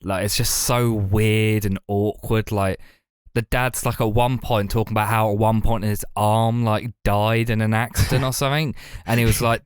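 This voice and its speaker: A man's voice: lowish voice, little pitch movement, normal speed, clean tone, no room sound, studio quality. A man co-hosting a casual film podcast, enthusiastic and hesitant, full of fillers. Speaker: podcast co-host. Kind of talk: casual film review chat.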